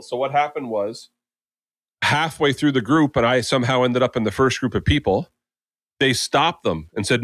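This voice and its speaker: A man's voice: mid-range voice, moderate pace, dry recording. A man co-hosting a podcast, telling a long story in a casual way and acting out the people he quotes. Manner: animated, acts out quoted people. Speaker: podcast co-host.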